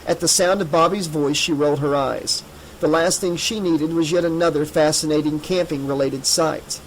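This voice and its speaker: A man reading an audiobook in a measured, steady voice. His voice sits somewhat high for a man, with a faint room tone behind him. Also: a little hiss or hum, low-quality recording. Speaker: audiobook narrator. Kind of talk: scripted narration.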